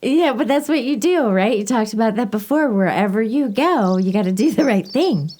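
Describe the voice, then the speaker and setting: A woman's voice: on the high side, lively intonation, normal speed, mellow, a little hiss or hum. A woman hosting a podcast in casual chat, chatty and laughing often. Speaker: podcast host.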